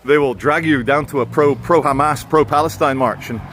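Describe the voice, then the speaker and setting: A man's voice: a little high, normal speed, a bit bright. Jokey English man walking a city street. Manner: jokey, mocking, chatty asides to viewers. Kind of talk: casual walking commentary. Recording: faint street noise outdoors.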